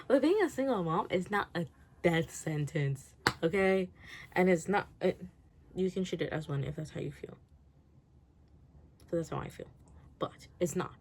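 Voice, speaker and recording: A woman's voice: on the low side, animated, unhurried, pauses often, a little mellow, slightly rough. A woman vlogger giving a rambling book review, swearing freely and often breaking into laughter.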